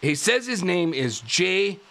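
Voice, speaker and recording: A male podcast host telling a true-crime story in a casual way, animated, laughing often and tripping over his words. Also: sits high, slow, vocal fry. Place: live podcast studio.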